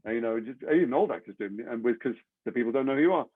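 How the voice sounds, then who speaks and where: A man from England, an actor guest telling stories in a casual, lively way and slipping into the voices of the people in them. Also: medium pitch, very fast, husky, no echo. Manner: lively raconteur who acts out the other people in his stories. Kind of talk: casual anecdote storytelling. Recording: dry, phone-like narrow audio.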